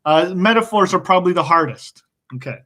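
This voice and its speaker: A male English teacher giving an online class, explaining slowly and patiently and chuckling often. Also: high voice, lively intonation, bright, forceful tone.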